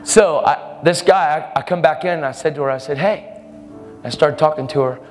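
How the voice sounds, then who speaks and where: A man preaching a storytelling sermon, animated, acting out the people in his stories with sudden jumps in pitch. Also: a little fast. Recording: long hall reverb, faint music.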